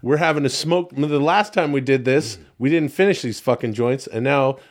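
A man's voice: medium pitch, normal speed. A middle-aged man co-hosting a podcast, chatting loosely and profanely with lots of fillers. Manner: loud, profane, rambling with many fillers. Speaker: podcast co-host. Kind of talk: casual stoned banter.

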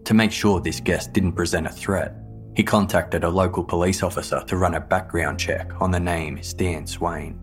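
A man narrating a true-crime story in a measured, grave, scripted manner. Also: deep voice, fairly even intonation, faint music behind.

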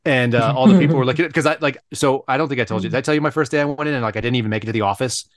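A man co-hosting a podcast, telling animated anecdotes in casual chat, full of fillers. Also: medium pitch, rapid-fire, no echo, clean studio sound. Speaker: podcast co-host.

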